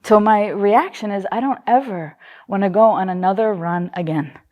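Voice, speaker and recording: A woman's voice: mid-range voice, moderate pace, lo-fi sound. A middle-aged woman teaching psychology in a casual way, telling personal stories, acting out the voices she quotes and laughing often.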